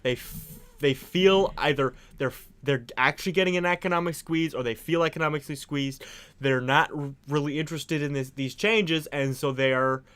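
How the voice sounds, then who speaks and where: A man's voice: a little high, moderate pace, fairly bright tone, smooth. A young man co-hosting a casual political chat, talking in a chatty, hedging way and laughing often. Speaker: co-host.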